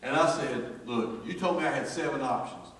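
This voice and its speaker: A man preaching a sermon, telling a folksy, animated story full of acted quotes. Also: medium pitch, moderate pace. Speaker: pastor. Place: church sanctuary. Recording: echoey church hall from far off.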